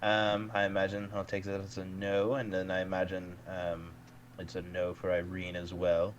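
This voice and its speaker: A man playing a tabletop role-playing game, speaking in a halting way with many fillers. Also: low voice, monotone, muffled recording, slight background noise. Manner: halting, filler-heavy, playful. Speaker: player.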